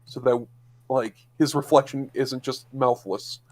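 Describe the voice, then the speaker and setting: Man, podcast co-host, casual chat, hesitant, analytical, lots of filler words, mid-pitched. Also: steady tone, unhurried.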